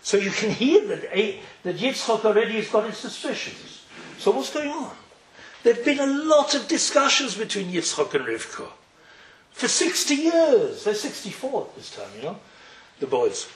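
A man with a high, swooping voice leads a Torah class. He tells the story with animation, slipping into the characters and peppering his listeners with questions. The room around him rings with echo. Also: normal speed. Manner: animated, acts out the characters, asks rhetorical questions. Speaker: religious teacher.

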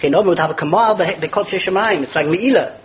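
Fast-talking, high-voiced male Torah teacher. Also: slight background noise, rough recording. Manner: lively, quick, chuckles while explaining; mixes Hebrew and Yiddish terms into English. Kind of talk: animated religious lecture.

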